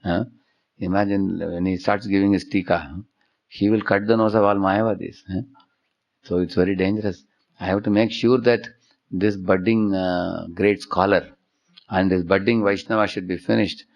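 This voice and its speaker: A scornful, envious old guru barks dismissive questions, as a man puts him on. The voice is low and gravelly. The recording is dull and lo-fi. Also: steady tone, normal speed, darkish tone. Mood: alarmed. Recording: dull lo-fi sound.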